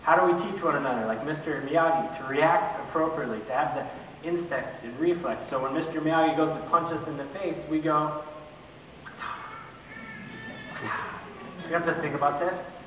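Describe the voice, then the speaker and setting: A man's voice: a little high, a little fast. A man teaching an adult church class, asking questions and answering them himself, with joking asides. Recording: echoey hall from far off, faint room noise.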